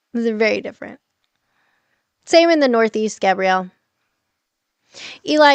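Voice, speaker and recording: Middle-aged woman streamer, gravelly, a touch high, casual, swears freely. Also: no room sound. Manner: chatty, swears freely, laughs often, answers viewer comments. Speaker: livestream host. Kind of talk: casual livestream chat.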